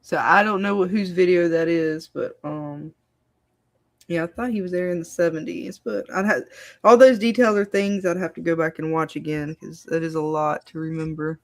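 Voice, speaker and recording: A woman's voice: on the low side, steady tone, moderate pace. A woman co-hosting a casual live stream, agreeable, often answering with short affirmations. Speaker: co-host.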